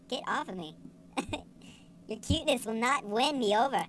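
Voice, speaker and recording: A young woman giving casual let's-play commentary, excitable and sarcastic, swearing and yelling at the game. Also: a little high, unhurried, pauses often, slight background noise. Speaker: gaming channel host.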